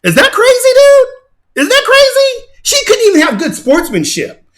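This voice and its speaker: A man hosting casual commentary on a fight video, excitable, laughing and repeating himself. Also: extremely high pitch, moderate pace. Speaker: channel host.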